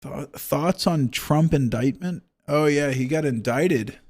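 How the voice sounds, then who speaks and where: A Florida man with a neutral accent chats about games at home, joking irreverently, swearing freely and drifting into mock rants. His voice is a little high and darkish in tone, and he speaks at a slow pace.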